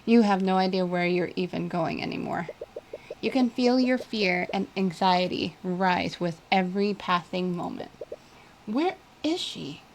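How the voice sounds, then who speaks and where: A woman reading a visual novel aloud in a relaxed, chatty way as she plays. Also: lowish voice, moderate pace, a little hiss or hum. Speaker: gaming creator.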